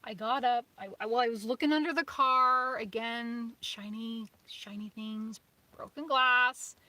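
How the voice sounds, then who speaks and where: A woman in her forties, her voice sitting a little high, chats on a live stream from her car at a campsite. She tells her story in a rambling, lively way, dropping to whispers and jumping up with excited exclamations. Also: unhurried, dry recording. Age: 40s. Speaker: vlogger. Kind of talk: casual live-stream chat.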